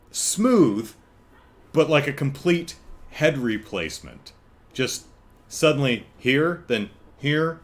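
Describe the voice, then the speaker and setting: Male podcast host, unhurried and wry, with a lively rise and fall, talking from home. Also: medium pitch. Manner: chuckling, wry storytelling with frequent restarts. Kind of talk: casual solo podcast chat. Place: home, apartment.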